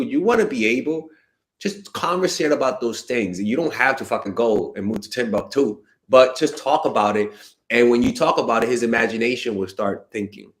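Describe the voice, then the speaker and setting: A man giving blunt, exasperated dating advice in a casual monologue, swearing and exclaiming as he answers viewer questions. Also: medium pitch. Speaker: dating coach.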